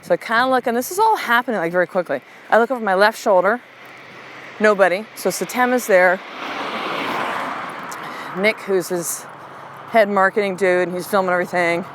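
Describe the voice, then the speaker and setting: With a medium-pitched voice and background noise behind her, a middle-aged woman relates a personal experience. As a podcast host and coach, she's candid and animated, then slows down and softens to give calm affirmations.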